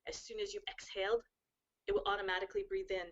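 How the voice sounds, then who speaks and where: A woman's voice: medium pitch, sing-song, fast talker, creaky, lo-fi sound. A woman speaking as a guest, giving earnest, flowing advice in casual chat.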